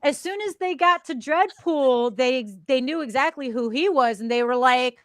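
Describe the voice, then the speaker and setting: A woman in casual podcast chat, telling stories with lots of energy and laughter. She acts out each person in the story, and her voice sits a bit high. The sound is close and dry. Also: normal speed, few pauses, no room sound. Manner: animated storyteller who acts out quotes and laughs often.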